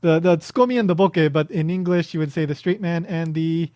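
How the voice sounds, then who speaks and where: Podcast host guy, kinda high voice, talks loose with lots of um and like, dry recording. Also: brisk, darkish tone, dry recording. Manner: chatty, explains with many fillers and restarts. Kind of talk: casual podcast chat.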